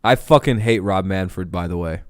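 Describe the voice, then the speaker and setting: A man hosting a casual sports talk stream, swearing freely and rambling bluntly. His voice is smooth and medium in pitch, recorded dry and close. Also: moderate pace, no room sound. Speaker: host.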